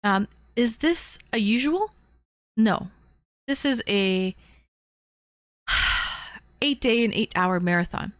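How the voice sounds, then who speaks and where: A woman's voice: medium pitch, animated, takes it slowly, long pauses, dry recording, studio quality. A young woman from the Toronto area, live-streaming and chatting casually, thanking viewers by name with plenty of fillers. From Canada, Toronto area.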